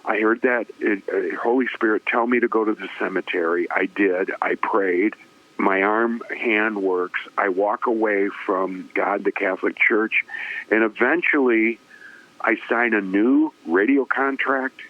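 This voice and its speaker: A man with a low voice recounts a personal story on a tinny, phone-like line, and the sound is thin and narrow. He tells it dramatically, rising with emotion and acting out each quoted voice. He is a seasoned radio talker speaking as an interview guest. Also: a little slow, no room sound. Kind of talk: personal testimony in conversation.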